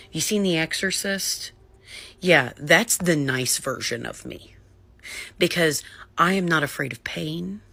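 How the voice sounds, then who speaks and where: A woman with a low voice speaks to camera intensely. Her delivery is defiant and threatening. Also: vocal fry, pushed and bright. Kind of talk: angry monologue to camera.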